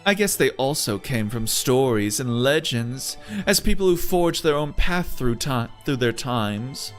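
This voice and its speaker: Guy doing a sultry sweet game lady, slow and coaxing, pitch all over the place. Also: expressive, faint music behind, lightly acted. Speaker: streamer reading game dialogue aloud. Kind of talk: voiced game playthrough.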